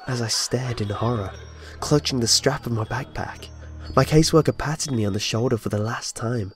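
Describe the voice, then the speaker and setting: A man's voice: medium pitch, moderate pace, faint music behind. A man narrating a horror story in a dramatic, scripted way. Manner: dramatic storytelling with voiced dialogue.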